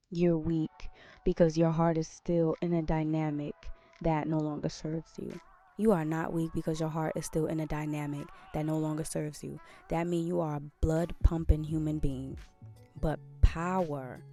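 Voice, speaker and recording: Low gravelly-voiced woman podcaster. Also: warm tone. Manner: earnest, repeats phrases for emphasis. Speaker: podcast host. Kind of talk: casual motivational monologue.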